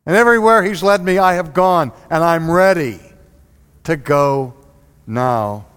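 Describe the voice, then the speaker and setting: A man's voice: a little high, measured pace, fairly bright tone, smooth. A man voicing an exasperated, resolute male apostle who pleads with his friends in rising exclamations.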